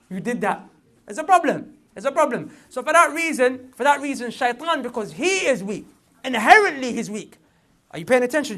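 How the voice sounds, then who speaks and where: Male preacher, high and swooping, lecturing a young crowd with emphatic repetition and street slang. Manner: animated, repeats points for emphasis, slips into street slang. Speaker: Islamic preacher. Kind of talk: lively religious lecture to a young audience.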